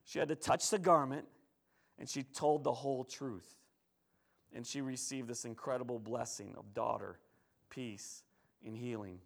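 A gravelly, medium-pitched male voice at a measured pace belongs to a pastor preaching in church. His storytelling is lively and conversational, alternating between hushed tones and loud ones.

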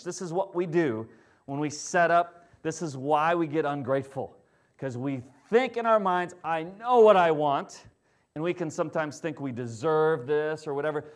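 Man preaching a conversational sermon. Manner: conversational, checks in with the congregation; swings between loud emphasis and low quiet stresses. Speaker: pastor.

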